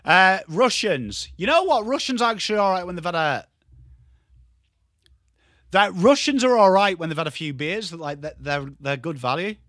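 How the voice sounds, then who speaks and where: An English man hosting a live football watchalong, chatting with his viewers and swearing casually while he calls the play and shouts at big moments. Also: sits high, animated, moderate pace, no echo, studio quality. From England. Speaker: livestream host.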